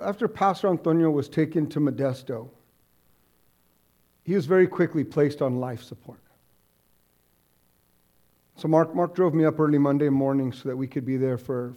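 A man's voice: on the high side, darkish tone. A man preaching a sermon as pastor, in an earnest, heartfelt way.

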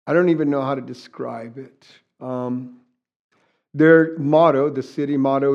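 A man's voice: medium pitch, fairly even intonation, a little slow, gravelly, highs cut off. A middle-aged man from southern New Mexico preaching a conversational sermon, folksy and joking, with frequent restarts. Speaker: pastor.

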